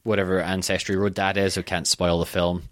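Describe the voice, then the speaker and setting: A man's voice: sits low, little pitch movement, fairly quick, fairly bright tone, no echo, studio quality. A young man from Scotland, a guest on a podcast, chatting casually and joking at his own expense, with plenty of swearing. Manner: joking, self-deprecating, sweary. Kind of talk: casual chat.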